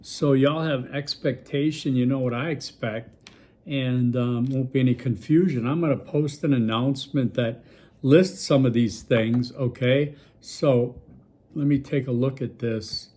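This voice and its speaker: A man's voice: medium pitch, measured pace, dark tone. Rambling casual man giving a lecture. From Milwaukee. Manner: casual, rambling, lots of fillers and check-ins. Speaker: college instructor. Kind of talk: recorded video lecture.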